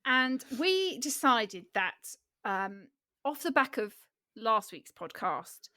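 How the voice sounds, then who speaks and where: A woman's voice: fairly high pitch, sing-song, slow, bright, forceful tone, dry recording, studio quality. A woman co-hosting a podcast in casual chat, reflective and hedging with many fillers. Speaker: podcast co-host.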